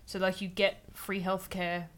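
A young Australian woman in easy, casual conversation. She talks in a relaxed, giggly way, explaining words with plenty of "like" and "um". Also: mid-range voice, measured pace. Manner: chatty, giggly, explaining slang. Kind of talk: casual chat.

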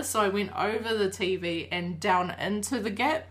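Woman, casual chat, laughing, animated retelling. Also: medium pitch, normal speed. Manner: laughs often, animated quoting with cries. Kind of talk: casual storytelling among friends.

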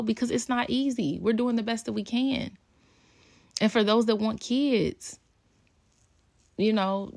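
Woman podcast host, 30s, frank casual talk, gravelly edge. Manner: candid, conversational, swears freely, quotes her kids in higher voice.

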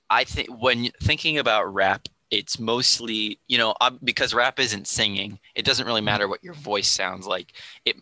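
A man explains rap music in a relaxed podcast chat, thinking aloud as he goes. His voice is fairly low but very bright and cutting. The sound is dry and close, with no room around it. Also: no room sound, poor audio. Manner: thoughtful, explanatory. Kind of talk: casual podcast conversation.

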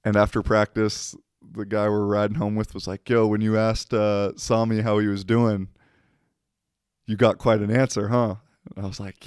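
A man's voice: fairly low pitch, little pitch movement, normal speed, darkish tone, clear, resonant tone, no echo, studio quality. A man talking casually to the camera, telling a rambling story, laughing often and swearing offhandedly.

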